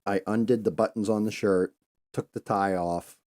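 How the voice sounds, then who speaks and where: A man's voice: on the low side, steady tone, normal speed, mellow. A man hosting a live stream, telling loose, rambling stories in a casual, conversational way. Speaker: host.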